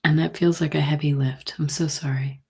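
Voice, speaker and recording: A middle-aged woman hosting a live tarot reading stream, talking gently and sympathetically with many pauses and fillers. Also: low-pitched, fairly even intonation, creaky, breathy edge. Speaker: intuitive reader, host.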